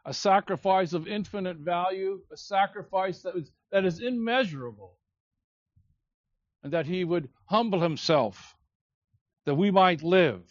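A man delivers an expository sermon at a deliberate, unhurried pace, leaning hard on key words. His voice sits high for a man. The recording is dry and a little muffled. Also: dry recording. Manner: slow, emphatic preaching with drawn-out key words. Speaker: pastor. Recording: slightly dull, lo-fi sound.

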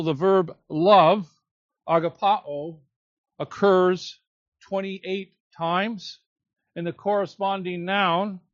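A man preaching an expository sermon, slow and emphatic, drawing out key words. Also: sits high, dry recording. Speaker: pastor. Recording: slightly dull, lo-fi sound.

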